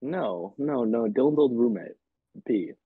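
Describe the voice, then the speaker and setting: A young man pokes fun at his friends on a podcast, pressing them for a story. His voice is husky and dry. It comes through narrow and phone-like. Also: mid-range voice, animated, unhurried, no room sound. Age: young adult. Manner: teasing, pushy questions. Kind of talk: casual chat.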